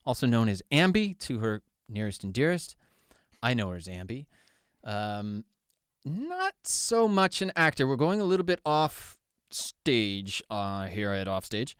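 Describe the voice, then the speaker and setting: A man's voice: mid-range voice, no room sound, studio quality. A man co-hosting a podcast, bantering in a campy, teasing, mock-grand way. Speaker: podcast co-host.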